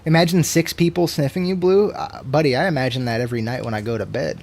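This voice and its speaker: A man in his twenties chatting casually to his stream, tipsy, swearing a lot and swinging between loud rants and low mumbles. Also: animated, fast, gravelly. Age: 20s. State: tipsy from drinking.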